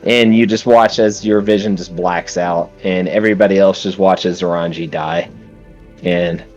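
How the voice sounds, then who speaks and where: A man's voice: sits low, darkish tone, muffled recording. A man narrating as dungeon master in a casual storytelling manner, full of fillers. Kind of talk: narrating a tabletop game.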